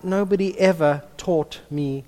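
A man voicing a frightened woman astronaut who is dying alone in space, pleading and halting. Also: high voice, a little mellow, pitched above the performer's own voice. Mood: scared pleading. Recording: long reverb of a large hall.

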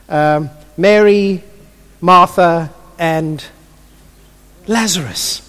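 At a moderate pace, a high-pitched man delivers a sermon full of vivid stories. He habitually repeats his first words when restarting, and the room gives a long hall reverb.

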